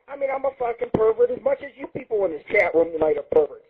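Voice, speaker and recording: A man hosting an internet radio show, telling crude rambling stories in a profane, excitable monologue. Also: extremely high pitch, quick pace. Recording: husky lo-fi phone-line sound.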